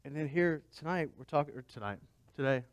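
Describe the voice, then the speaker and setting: A man's voice: on the high side, expressive, brisk, dry recording. A man pastor preaching a conversational sermon, asking his listeners rhetorical questions.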